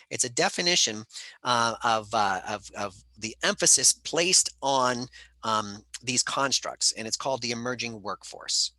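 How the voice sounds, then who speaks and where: A man's voice: mid-range voice, sharp tone, no room sound. A man teaching a live online college lecture, answering students' chat questions in a conversational way with frequent fillers. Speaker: college instructor.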